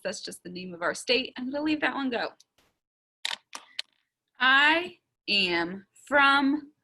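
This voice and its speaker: A woman from Ohio teaching a slow early-grade writing lesson, sounding out letters and words deliberately. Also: fairly high pitch, pushed and bright. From Ohio, USA.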